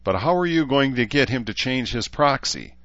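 A man playing a calm, commanding war leader with a dry manner. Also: mid-range voice, normal speed, no room sound, muffled recording, voice pushed up.

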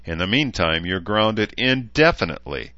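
A man's voice: fairly low pitch, sing-song, moderate pace, bright, forceful tone, dry recording, highs cut off, pitched above the performer's own voice. A man voicing a stern, coldly professional mother, clipped and disapproving.

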